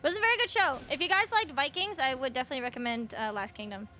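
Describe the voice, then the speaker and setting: A woman's voice: high-pitched, racing, bright, forceful tone, faint music behind. A young woman streaming a video game, chatting casually with her viewers, swearing freely and sounding a little tired and short on sleep. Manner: chatty, swears freely, greets chat by name.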